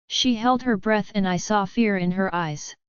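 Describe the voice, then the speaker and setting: Woman narrating with a very clear voice. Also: medium pitch, moderate pace, no room sound, lo-fi sound. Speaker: audiobook narrator. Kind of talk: scripted first-person narration.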